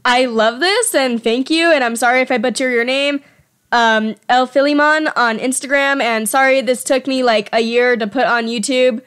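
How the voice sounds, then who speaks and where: This young woman's voice sits high and is clean and a little bright, delivered at a moderate pace. She's an artist at home walking through her fan creature designs, talking casually and self-deprecatingly, with the odd verbal stumble.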